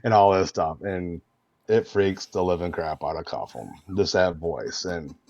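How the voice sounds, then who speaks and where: A man with a very deep voice tells animated stories in a casual interview, laughing often and leaning on fillers. The sound is dry and close. The recording is dull and lo-fi. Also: a little slow, no room sound. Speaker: guest, roleplay streamer.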